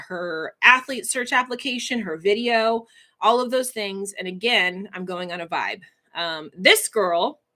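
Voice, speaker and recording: A woman's voice: mid-range voice, bright, forceful tone. A woman hosting a casual livestream announcement, emotional and laughing as she chokes up reading comments. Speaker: livestream host, coach.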